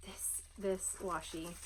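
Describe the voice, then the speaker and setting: Gushing woman with soft sighs. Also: lowish voice, level tone, drawn-out words, noisy background. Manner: gushing, breathy, often sighing and dropping to soft whispers. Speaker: vlogger unboxing a gift box. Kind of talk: casual unboxing chat. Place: at home.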